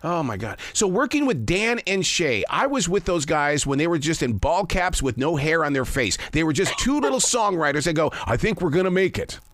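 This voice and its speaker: A man hosting an interview from his studio, talking with excitement and exclamations, often restarting his sentences. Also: on the high side, dry recording. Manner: enthusiastic, exclamatory, quick-talking with frequent restarts. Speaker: radio interview host. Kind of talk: casual interview chat.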